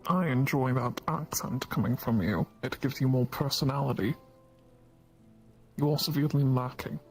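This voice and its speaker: A man's voice: mid-range voice, moderate pace, faint music behind, lightly acted. A man playing a formal male companion who needles with dry, patronizing teasing. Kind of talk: voice role-play in a virtual world.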